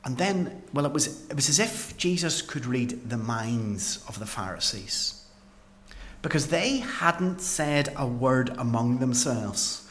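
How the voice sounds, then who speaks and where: A man's voice: mid-range voice, expressive, fairly bright tone, slight background noise. A man telling the story as an awed paralysed man. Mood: tense. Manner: slow, earnest storytelling with dramatic pauses. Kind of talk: dramatic first-person Bible monologue.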